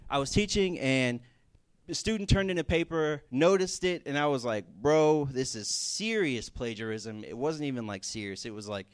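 A man preaching a relaxed, conversational sermon, with his voice sitting in an ordinary middle range for a man. He tells stories with animated bursts of energy and slips in casual fillers as he goes. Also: medium pitch. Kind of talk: sermon with storytelling.

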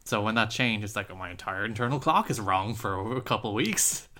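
A man co-hosting a podcast in casual chat, blunt and opinionated, often cutting in with quick retorts. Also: on the low side, animated, bright, forceful tone. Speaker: podcast co-host.

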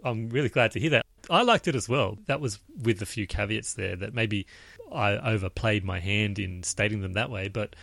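Low gravelly man chatting casually. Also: moderate pace, fairly bright tone, dry recording. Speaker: book podcast co-host. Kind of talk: casual book discussion.

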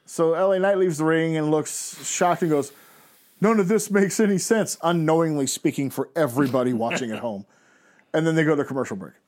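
A man's voice: on the high side, fairly quick, a little mellow. A man in his thirties ranting sarcastically and profanely in a casual podcast chat. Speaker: podcast co-host. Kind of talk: casual chat, wrestling recap.

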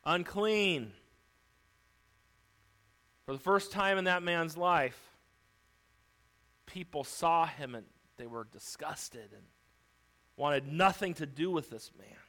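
Slow, high-voiced preacher man. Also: bright, forceful tone. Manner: vivid, theatrical retelling with acted outbursts. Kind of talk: dramatic sermon storytelling.

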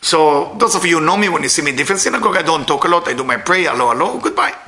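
Forceful man giving an informal sermon. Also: fairly high pitch, rapid-fire. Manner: emphatic, swings from loud to hushed; non-native English grammar.

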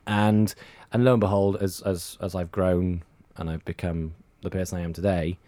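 A man's voice: sits low, flat delivery, moderate pace, dark tone, no room sound. A man chatting in a radio interview, rambling and repeating words as he tells stories. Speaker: hospital radio presenter. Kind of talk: casual radio interview chat.

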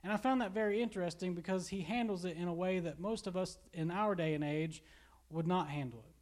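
Man, pastor, high voice, casual sermon, conversational, repeats words. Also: brisk, a little mellow. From Kentucky. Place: church.

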